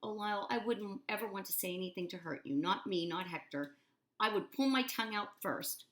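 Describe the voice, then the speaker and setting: A woman's voice: mid-range voice, a little fast, a bit bright, pitched above the performer's own voice, close to an everyday voice. A woman reading aloud and voicing a theatrical, fussy grown man showman in a storybook, dramatic and wheedling. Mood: apologetic.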